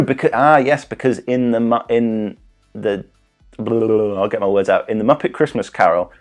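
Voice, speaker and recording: A man in his thirties hosting a casual live-streamed quiz, rambling, joking and interrupting himself. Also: lowish voice. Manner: rambling, self-interrupting, jokey. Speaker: quiz host.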